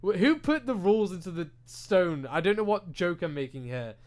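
A man's voice: sits high, animated, moderate pace, a little mellow. A young British man chatting casually into a desk mic on a podcast, ranting animatedly with lots of swearing and filler words. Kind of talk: casual chat. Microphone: desk microphone.

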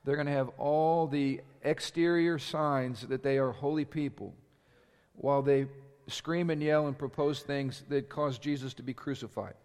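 Preacher with hall reverb. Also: male voice, medium pitch, fairly even intonation, a little slow, darkish tone, clean tone. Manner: preaches with rising volume and rhetorical questions to the congregation. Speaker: pastor. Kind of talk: sermon.

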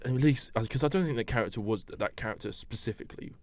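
A man's voice: medium pitch, quick pace, dry recording. A man co-hosting a podcast, talking bluntly in casual chat, swearing freely. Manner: blunt and swearing, laughs often. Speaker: podcast co-host.

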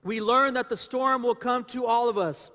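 Male pastor, bright ringing tone, repetitive sermon delivery in a reverberant hall. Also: very high voice, fairly even intonation, normal speed. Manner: preaching with rhetorical questions and repetition.

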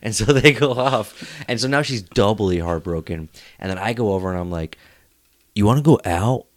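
A man's voice: lowish voice, brisk. A young man hosting a casual podcast, telling a rambling story and laughing often. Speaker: podcast host.

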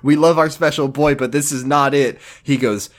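A man's voice: medium pitch, fairly even intonation, normal speed. A man co-hosting a podcast, chatting casually and animatedly, laughing and quoting characters in mock voices. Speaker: podcast co-host. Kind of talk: casual recap chat.

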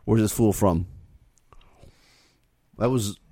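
A man's voice: lowish voice, slow, dark tone, no echo, studio quality. A man co-hosting a casual film podcast, giving blunt, dismissive opinions. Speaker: podcast co-host.

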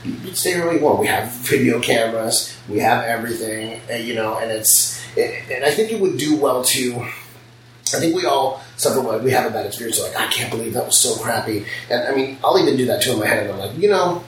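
A man's voice: mid-range voice, brisk, slight background noise. A man who runs a piercing studio, telling blunt, profane stories in casual chat. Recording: roomy, distant mic, faint ambience.

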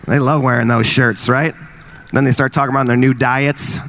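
A man's voice: mid-range voice, steady tone, moderate pace, a bit bright, a little hiss or hum. A man in his thirties doing a stand-up routine, with wry, exasperated stories about marriage and parenting. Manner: wry, exasperated dad storytelling. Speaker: stand-up comedian.

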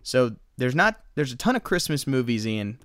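A man co-hosting a podcast in casual chat, animated and quick to laugh. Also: mid-range voice, no room sound, studio quality. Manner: animated, retells scenes with laughter. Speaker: podcast co-host.

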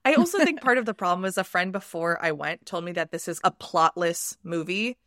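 A woman from the United States co-hosting a podcast, talking about a film in a lively way and cutting into her own sentences. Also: on the low side, fairly quick, no echo, clean studio sound. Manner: animated, self-interrupting storyteller. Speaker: podcast co-host. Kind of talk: casual film discussion.

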